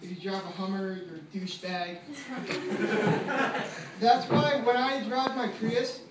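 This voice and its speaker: A man's voice: high-pitched, unhurried. A man in his twenties, a law student, doing casual and profane stand-up comedy with lots of fillers at an open mic. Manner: casual, profane, self-deprecating delivery with many fillers. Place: small comedy venue with live audience. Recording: echoey room from far off, noisy.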